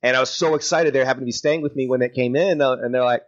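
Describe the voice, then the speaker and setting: A man's voice: mid-range voice, fairly even intonation, fast. Giggly, rambling male podcast guest. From South Texas. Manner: rambling, many fillers and restarts, giggly. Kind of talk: casual chat. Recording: dull lo-fi sound.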